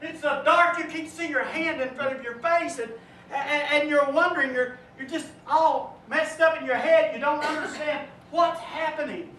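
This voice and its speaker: High, bright-voiced man preaching. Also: moderate pace. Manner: vivid storytelling, rising and dropping to a hush. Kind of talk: sermon. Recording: echoey room, from far off, faint noise.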